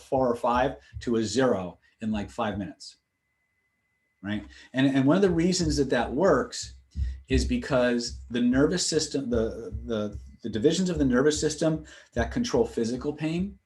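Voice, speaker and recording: A man's voice: medium pitch, a little mellow. A man teaching a live online class, explaining with casual asides and checking in with listeners. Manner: explanatory, demonstrates phrases with shifting tone and tempo; conversational, frequent "right?" check-ins. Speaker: instructor.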